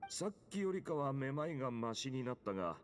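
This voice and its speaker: An actor voicing a sturdy, plainspoken soldier in a video game, talking in a rough, casual way. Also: male voice, medium pitch, sing-song, very fast, a little hiss or hum, natural voice. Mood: steady.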